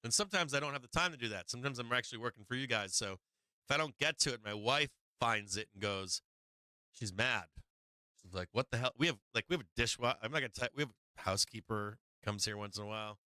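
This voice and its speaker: Middle-aged male streamer, bright and clean tone, dry close mic, rambling storyteller. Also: mid-range voice, quick pace, smooth, no room sound. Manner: rambling, laughs often, acts out family voices. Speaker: stock market livestream host. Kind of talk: casual livestream storytelling.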